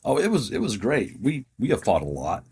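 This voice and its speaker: A man's voice: medium pitch, wildly swooping pitch, a little fast, gravelly, mellow, breathy edge. A man in his fifties, a podcast guest telling his life story in a plain-spoken, earnest way. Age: 50s.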